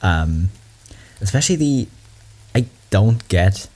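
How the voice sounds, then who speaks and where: A man's voice: lowish voice, very animated, slow, a little mellow. A man hosting a meme reaction video, talking casually with lots of "like" and "um" fillers.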